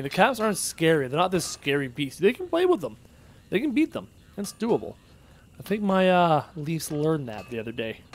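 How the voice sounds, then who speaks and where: A man livestreaming a game, casually chatting, joking and reading out viewer messages as he plays. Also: sits high. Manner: animated, jokey, reads out chat messages. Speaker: gaming livestreamer. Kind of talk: casual livestream chat while playing.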